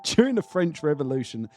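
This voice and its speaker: A tipsy Englishman reads his podcast script and keeps breaking into giggles, tripping over words. His pitch swoops up and down as he talks, and faint music sits behind him. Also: sing-song, normal speed, warm tone. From England. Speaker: podcast co-host. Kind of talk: casual podcast chat, reading a script.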